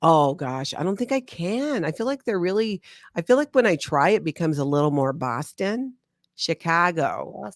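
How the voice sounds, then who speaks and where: A woman co-hosting a casual chat, reading reviews aloud in an animated, self-mocking way with frequent laughs. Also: lowish voice, brisk, no echo, studio quality. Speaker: co-host, former member discussing the church.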